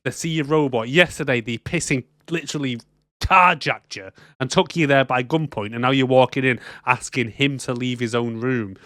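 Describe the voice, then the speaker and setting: A man's voice: medium pitch, normal speed, dry recording. Man, casual film recap, laughing often, dry close mic. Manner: animated, laughing, mimics characters. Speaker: podcast co-host. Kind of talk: casual movie-recap chat.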